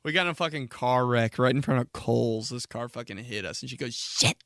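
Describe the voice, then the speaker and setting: A man's voice: medium pitch, normal speed, fairly bright tone, dry recording. A young man hosting a solo comedy podcast, rambling and swearing, laughing at himself and acting out dramatic reactions. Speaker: podcast host.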